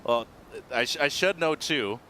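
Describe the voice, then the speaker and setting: A man from Mexico working as co-commentator, explaining surf and slang in a relaxed, friendly way. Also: on the high side, a little slow, a little hiss or hum. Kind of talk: live sports commentary.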